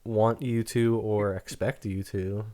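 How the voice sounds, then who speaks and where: A man's voice: on the low side, flat delivery, slow pace, mellow. A young man co-hosting a podcast in casual chat, dry and teasing. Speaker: podcast co-host.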